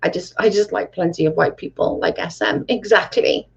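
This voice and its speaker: A woman's voice: on the low side, normal speed, gravelly, slightly rough. A woman hosting a casual livestream and reading chat. She talks bluntly, swears freely and says "like" a lot. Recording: dull lo-fi sound.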